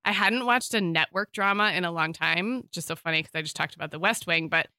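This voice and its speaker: A woman co-hosting a podcast in casual chat, easygoing, quick to laugh and agree. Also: fairly low pitch, pushed and bright, dry recording. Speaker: podcast co-host.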